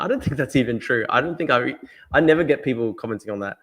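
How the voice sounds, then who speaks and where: A man with an Australian accent rattles through his points at a fast clip, chatting casually on his livestream. He talks emphatically, circles back to repeat himself and swears freely, at a middling pitch. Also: lively intonation, fairly bright tone. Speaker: livestream host. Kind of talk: casual political livestream talk.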